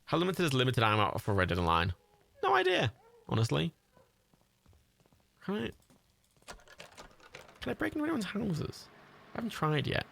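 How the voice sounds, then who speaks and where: A man giving sweary, excitable, rambling commentary while streaming a game live. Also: fairly high pitch, normal speed, creaky, long pauses.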